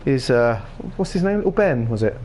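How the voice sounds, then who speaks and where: A man chats through a game in a playful, rambling way and keeps joking as he goes. His pitch moves a lot, with a faint hiss in the background. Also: very animated, brisk, darkish tone. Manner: playful, jokey, rambling asides. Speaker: gaming streamer. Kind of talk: casual game commentary.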